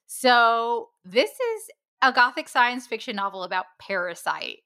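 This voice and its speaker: A woman's voice: a little high, lively intonation, sharp tone, smooth. A woman co-hosting a book podcast, recommending a novel in casual chat and joking about her own pronunciation. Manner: unhurried, self-deprecating about pronunciation. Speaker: podcast co-host.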